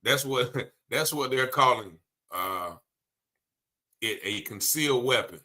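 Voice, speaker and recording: A man's voice: mid-range voice, lively intonation, slow, bright, forceful tone. A man commenting on a video, emphatic and blunt, repeating his points with indignation.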